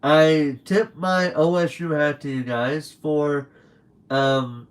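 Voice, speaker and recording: A man's voice: fairly high pitch, fairly even intonation, slow pace, poor audio. A young man streaming from home late at night, rambling through a casual story and acting out what other people said. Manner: rambling storyteller who acts out quoted people.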